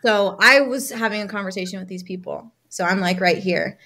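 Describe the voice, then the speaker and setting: A woman's voice: mid-range voice, fairly quick. Woman telling a story on a podcast. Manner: lively storyteller who acts out other people's lines, with frequent "like" fillers. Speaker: podcast guest, healing coach. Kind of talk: personal storytelling in a podcast interview.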